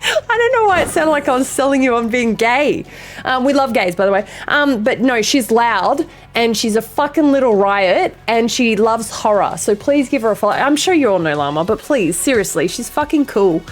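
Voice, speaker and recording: A woman hosting a live stream, chatting casually with her viewers, excitable and swearing freely as she greets them by name. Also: a little high, normal speed. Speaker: livestream host.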